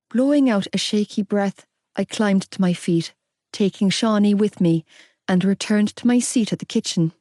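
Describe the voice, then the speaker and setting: Mellow-voiced woman narrating a romance audiobook. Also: mid-range voice, normal speed, no room sound, studio quality.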